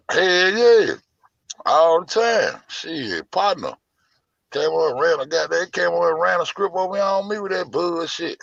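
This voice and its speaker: A man with a gravelly, bright voice rants in a profane, animated, incredulous way as a show host. The sound is dry and close, a little dull and lo-fi. He talks casually, stretching out his disbelief. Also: on the high side, measured pace, dry recording. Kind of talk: casual livestream rant.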